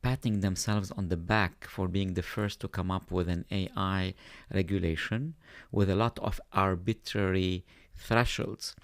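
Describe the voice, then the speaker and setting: A man speaking as a podcast guest, explaining at length in a thoughtful way and pausing on fillers. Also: low-pitched, fairly even intonation, no echo. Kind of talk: conversational explaining.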